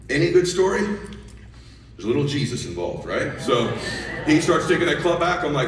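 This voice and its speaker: A middle-aged man telling a story as a motivational speaker, animated and excitable, with casual profanity. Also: medium pitch, a little fast, a crowd in the background. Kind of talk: energetic storytelling speech. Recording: echoey hall, voice from far off.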